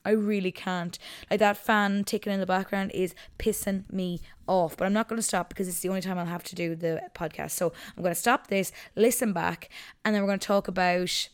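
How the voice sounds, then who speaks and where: A woman, hosting a casual solo podcast from her couch at home, chatty and animated. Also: mid-range voice, brisk, clear, resonant tone. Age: 20s. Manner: chatty and animated, breaks off to scold her dog. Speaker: podcast host. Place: living room at home, on the couch.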